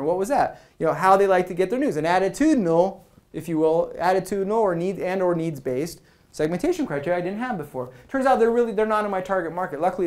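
Fast-talking man giving a product talk. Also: high-pitched. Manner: fast, animated storytelling with acted quotes. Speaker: speaker at a product meetup. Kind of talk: conference talk.

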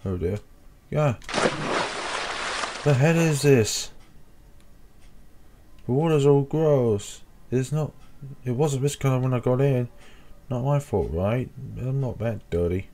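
Young man, let's play gamer, reads horror game lines aloud, sarcastic quips, unhurried, warm dark tone. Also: medium pitch, a little hiss or hum. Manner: sarcastic, joking asides. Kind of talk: reading game dialogue aloud and commenting on a horror game.

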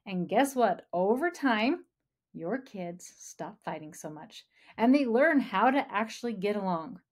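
A woman's voice: mid-range voice, big pitch swings, a little slow, slightly rough. A woman parenting coach talks through her advice on a podcast. She is encouraging and personal, and she speaks to the listener as a friend.

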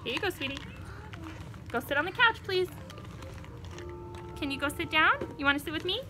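A woman's voice: high-pitched, animated, moderate pace, over music. A young adult woman, out of breath, chatting casually through a haul video at home and breaking off to talk to her toddler. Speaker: haul vlogger and mom. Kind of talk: casual show-and-tell chat. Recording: home video with background noise.

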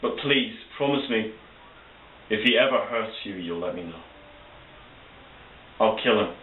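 A man's voice: lowish voice, animated, unhurried. A man playing a solemn, protective friend. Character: earnest male friend, protective. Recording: echoey, tinny and lo-fi with hiss.

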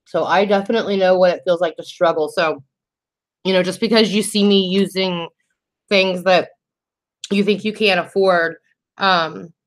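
A woman's voice: lowish voice, fairly even intonation, normal speed, long pauses. Chatty woman hosting a live makeup tutorial. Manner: chatty and heartfelt, with frequent restarts and "um". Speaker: makeup vlogger host. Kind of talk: live makeup tutorial chat, reading viewer comments.

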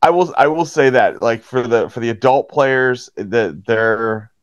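A man in a relaxed podcast chat, talking about refereeing. He shifts his pitch up and down as he acts out what players and parents say. The sound is dry and a little dull, with no room echo. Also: a little slow. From Pittsburgh area, USA. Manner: animated storyteller, acts out quotes with jumps in pitch. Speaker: hockey referee, guest. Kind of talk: casual interview chat.

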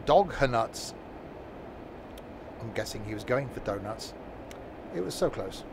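A man's voice: medium pitch, lively intonation, unhurried, creaky, noisy background. A man casually commentating a train simulator game live, joking and teasing his chat. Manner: joking, chatty, teasing viewers. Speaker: streamer playing a train simulator.

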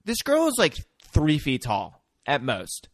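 A man's voice: fairly high pitch, measured pace, no room sound, clean studio sound. A man co-hosting a podcast, joking and bantering while discussing a film. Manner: animated, jokey banter with laughs. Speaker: podcast co-host. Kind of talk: casual movie recap chat.

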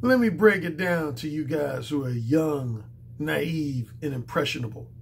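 A man who is a dating coach, talking in a strained, hoarse voice from a cold, lecturing his viewers emphatically and repeating his points. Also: a little high, a little slow, slight background noise. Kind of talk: monologue to camera.

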